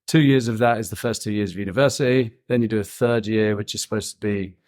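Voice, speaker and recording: Male, 30s, London accent, low-ish voice, casual storyteller, a guest. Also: quick pace, darkish tone. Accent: London English. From England. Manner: laid-back, chatty storyteller, mild swearing. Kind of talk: casual interview chat.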